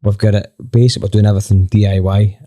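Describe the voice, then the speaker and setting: Low, mellow Scottish man telling a story. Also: racing. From Scotland. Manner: animated, swears freely, acts out quoted dialogue. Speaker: band member, podcast guest. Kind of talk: casual storytelling anecdote.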